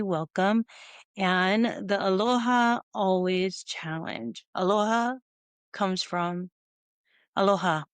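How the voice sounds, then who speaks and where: A woman's voice: medium pitch, clean tone, no room sound. A middle-aged woman from Hawaii, hosting a podcast and telling a story in a casual, meandering way with restarts. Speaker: podcast host. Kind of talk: casual solo podcast talk.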